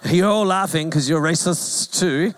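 A New pastor in his forties with a high-pitched voice gives a sermon. He talks conversationally and jokes with the congregation. He drives his points home by repeating them. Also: unhurried, slight background noise. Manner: conversational and joking, with emphatic repetition.

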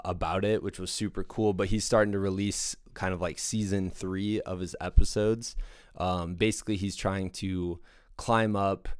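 Young male podcast host, deep smooth voice, dry close sound, eager casual rambler. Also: no echo. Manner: enthusiastic, rambling with fillers. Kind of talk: casual monologue.

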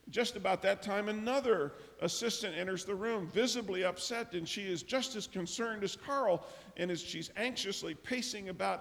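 A male pastor delivers a sermon in a church, carrying his listeners through a story with lively emphasis. His voice sits fairly high and has a gravelly edge. A long hall reverb trails after each phrase. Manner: storytelling, acting out characters' lines with lively emphasis.

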